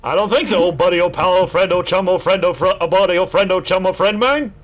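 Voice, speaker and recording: A man's voice: high-pitched, fast talker, a little hiss or hum, close to an everyday voice. A man doing a chummy, looping skeleton. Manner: loops "oh buddy, oh pal" endlessly. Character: undead male skeleton, chummy and endlessly repetitive.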